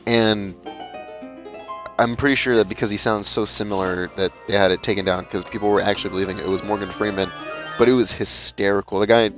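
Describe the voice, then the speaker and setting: A young man with a fairly low voice chats casually over gameplay, rambling and tripping over restarts as he goes. Faint game music plays underneath. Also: fairly even intonation, brisk. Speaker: let's play gamer. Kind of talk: casual commentary.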